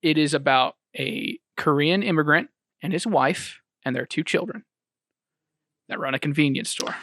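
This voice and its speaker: Higher-voiced young man rambling as podcast host. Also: normal speed, fairly bright tone, no echo, studio quality. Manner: rambling, with frequent restarts and chuckles. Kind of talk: casual chat.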